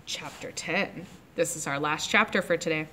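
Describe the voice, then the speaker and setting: A woman librarian reading a chapter book aloud to children, pausing to ask them about the pictures. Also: low-pitched, slight background noise. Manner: animated, asks the kids questions about the pictures. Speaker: librarian leading children's story time.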